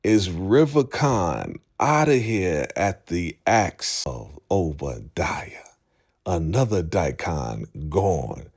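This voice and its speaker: A man hosting a casual show-recap vlog, telling the story in an animated way and acting out the scenes, speaking into a podcast microphone. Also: low voice, slow pace.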